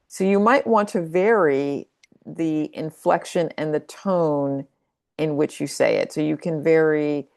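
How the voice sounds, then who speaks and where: Low gravelly woman coach, chatty and reflective, plays with emphasis. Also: unhurried, a little mellow. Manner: reflective, conversational, playful with emphasis. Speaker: creativity coach. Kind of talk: casual teaching monologue.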